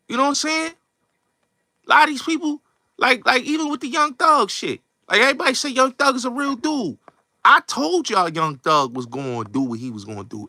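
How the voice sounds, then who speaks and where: A show host goes off in a blunt, streetwise rant, hammering the same points again and again. His voice sits slightly high and cuts through with a bright, forceful edge. The recording is dry and close, with no room sound. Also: no echo. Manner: blunt, streetwise, repetitive and emphatic. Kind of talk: casual commentary rant.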